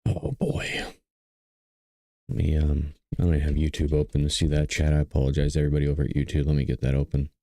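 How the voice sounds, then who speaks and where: A man hosting a live stream, choked up and tearful, talking in halting starts that trail off. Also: extremely low pitch, monotone, warm tone, dry recording. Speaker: livestream host. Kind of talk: emotional live stream talk.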